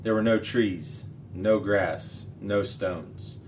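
A man reading a children's novel aloud as the show's regular reader, steady and expressive. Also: on the low side, slow. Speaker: story reader. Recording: distant mic, faint noise.

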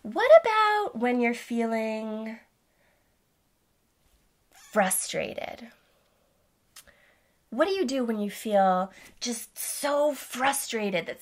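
A woman hosting a children's music lesson, speaking to toddlers in a gentle, playful way. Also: mid-range voice. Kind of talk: teaching toddlers with songs.

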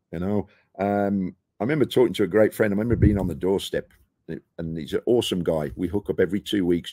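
A middle-aged man from the United Kingdom talks casually in an interview, his voice low and gravelly with a husky edge. He spins lively anecdotes and slips into the voices of the people he quotes. The sound is close and dry. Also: no room sound. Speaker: guest, property investor. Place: rooftop terrace outdoors.

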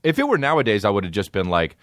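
A man, a podcast host telling stories in a casual, animated way, swearing a lot and acting out voices. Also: fairly low pitch, fast talker, dry recording, clean studio sound. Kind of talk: casual storytelling.

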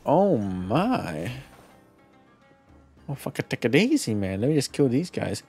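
A man streaming a video game live, chatting casually, excitable and profane, with playful shouted exclamations. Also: medium pitch, takes it slowly, slightly rough. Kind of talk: casual live gameplay commentary. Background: faint game music.

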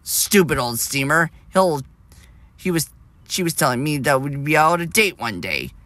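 A man's voice: a little high, lively intonation, moderate pace, bright, forceful tone, dry recording. A man voicing a grumpy, boastful male diesel engine who talks with a sneer. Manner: sneering and scornful.

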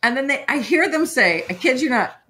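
A middle-aged woman host telling a story in casual chat, animated and laughing, with many fillers. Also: high-pitched, fairly quick. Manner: animated, laughing, lots of "like" and "right?". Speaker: podcast host.

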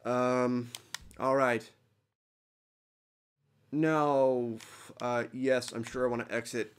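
Slow-talking frustrated young gamer man. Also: medium pitch, slight background noise. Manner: frustrated, rambling, swearing. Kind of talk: let's play commentary.

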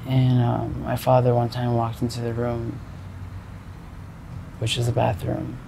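A man in his twenties telling his story in a street interview, rambling, halting and repeating himself. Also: mid-range voice, monotone, vocal fry, background noise. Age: 20s. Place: outdoors on a city street.

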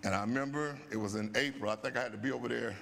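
A man in his seventies, a bishop, telling a folksy, animated story at a Bible study, often saying "man" and "guess what.". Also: mid-range voice, rapid-fire, gravelly, a little hiss or hum. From USA. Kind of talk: storytelling sermon. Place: church sanctuary. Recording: church hall with long reverb.

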